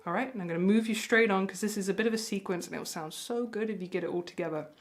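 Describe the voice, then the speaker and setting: A woman's voice: mid-range voice, fast talker, faint music behind. A woman teaching ukulele, talking in a friendly, encouraging way and counting beats aloud as she plays. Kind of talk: music lesson with counting along. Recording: ukulele playing loudly behind. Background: ukulele playing.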